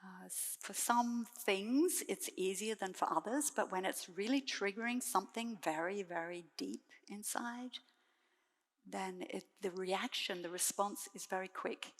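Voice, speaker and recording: A Buddhist nun gives a dharma talk in a soft, gentle voice of middling pitch. She speaks slowly and leaves calm pauses between phrases. Her words ring out with the long reverb of a meditation hall.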